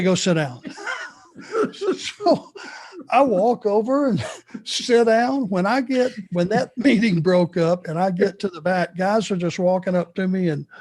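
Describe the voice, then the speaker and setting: Chatting casually with fans, an older ex-wrestler tells stories from his wrestling days and laughs as he goes. He has a high, slightly mellow voice.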